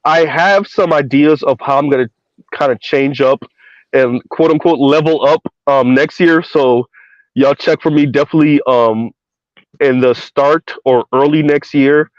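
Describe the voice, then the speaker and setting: A man's voice: on the high side, unhurried, dry recording. Rambling male podcast host, dry lo-fi sound. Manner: rambling, restarts often. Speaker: show host. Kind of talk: casual panel chat. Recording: dull dry lo-fi audio.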